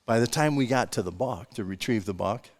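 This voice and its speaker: A man's voice: lowish voice, brisk. An older man hosting a podcast, telling long anecdotes in a casual, chuckling way and acting out the voices of the people in them. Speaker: podcast host. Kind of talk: casual storytelling chat.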